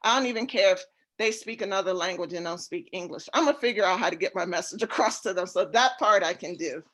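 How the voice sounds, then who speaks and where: Laid-back woman with a monotone delivery. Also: fast. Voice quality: even, fairly monotone delivery. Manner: laid-back, relaxed and low-key. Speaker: real estate syndicator seeking coaching. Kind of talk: casual coaching call.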